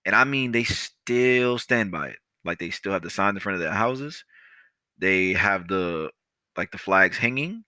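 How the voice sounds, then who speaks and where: A young man hosting a podcast, telling a story in a casual, animated, profane way and talking straight to his listeners. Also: low-pitched, a little slow, dry recording. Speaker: podcast host.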